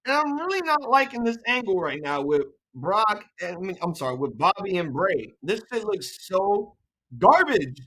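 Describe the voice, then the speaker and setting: A young adult with a New York accent co-hosts a live reaction stream in loose, casual talk. The voice swings widely in pitch as it rants, jokes and swears. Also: sing-song, normal speed, poor audio. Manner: loud, profane, joking rants.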